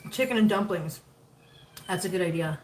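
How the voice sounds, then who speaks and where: A woman's voice: lowish voice, moderate pace, darkish tone. A fifty-year-old woman hosting a casual livestream, chatting with viewers and cooing at her cats. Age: 50s. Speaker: livestream host. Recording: roomy, picked up from a distance, faint noise.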